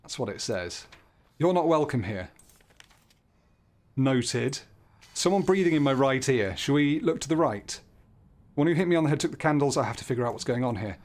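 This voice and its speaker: A man's voice: medium pitch, animated, moderate pace, pauses often, darkish tone. A man talking through a horror game as he plays, joking, jumpy and swearing when something startles him. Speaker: gaming channel host. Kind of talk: horror game let's play commentary.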